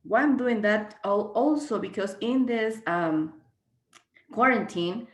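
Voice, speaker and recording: A woman's voice: on the high side, slow pace. Spanish-accented woman, earnest video-call trainer, many restarts, echoey room. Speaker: real estate agent presenting a training. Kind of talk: casual online presentation.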